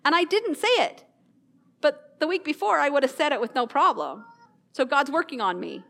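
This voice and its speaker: A woman hosting a casual Christian devotional talk, earnest and self-deprecating, slowing down to read scripture. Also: sits high, animated, vocal fry, a bit bright.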